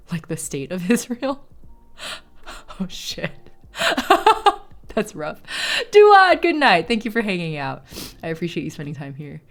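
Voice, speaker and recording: A woman's voice: lowish voice, very animated, slow pace, pauses often, faint music behind. A woman streamer chatting casually, reading chat messages aloud and laughing often. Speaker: live streamer.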